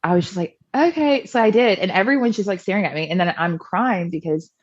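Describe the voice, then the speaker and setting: A woman's voice: on the low side, fast talker, dry recording, highs cut off. A young woman from the American South, chatty and self-deprecating, telling her personal story as a podcast guest and acting out past conversations.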